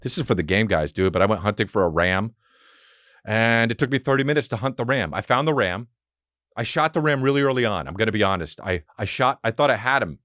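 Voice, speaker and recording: A man's voice: on the low side, fairly quick, no echo, clean studio sound. A man hosting a podcast, talking in a rambling, profane, comedic monologue. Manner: animated, rambling, heavy swearing. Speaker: podcast host.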